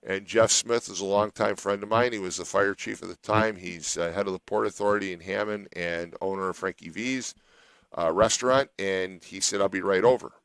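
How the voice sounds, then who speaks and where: A man's voice: deep voice, fairly even intonation, brisk, fairly bright tone, smooth, dry recording, rough recording. A middle-aged man hosting a radio show, telling a long personal story in a rambling way with many restarts.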